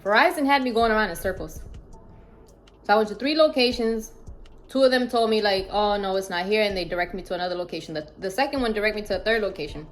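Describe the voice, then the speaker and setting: A woman telling a story to her viewers in a casual vlog, animated and chatty, talking to her phone camera in an emptied apartment. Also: medium pitch, fast. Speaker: vlogger. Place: apartment during a move. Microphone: phone camera propped up.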